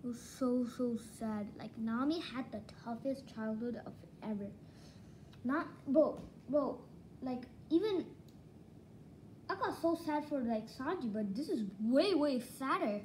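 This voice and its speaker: A woman with a fairly high voice gives a casual spoken manga review. She talks slowly but excitably and keeps reaching for "like" as she rambles along. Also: slight background noise, low-quality recording. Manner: rambling, excitable, heavy use of "like".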